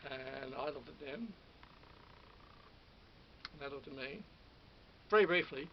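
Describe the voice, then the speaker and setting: A man's voice: medium pitch, expressive, slow, creaky. A man telling a rambling personal story to camera, still worked up on adrenaline and quoting others as he goes, with lots of repeats and restarts. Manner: repetitive, restarts often, quotes others. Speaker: vlogger. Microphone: camera or phone mic. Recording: lo-fi audio with faint hiss.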